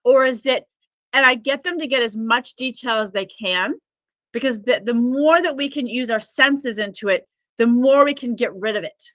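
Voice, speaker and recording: A woman's voice: a little high, moderate pace, fairly bright tone, no echo, poor audio. A woman who works as a spiritual healer, telling stories as a podcast guest in an earnest, rambling way full of "like" fillers. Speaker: Akashic records practitioner and healer, podcast guest. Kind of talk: conversational podcast storytelling.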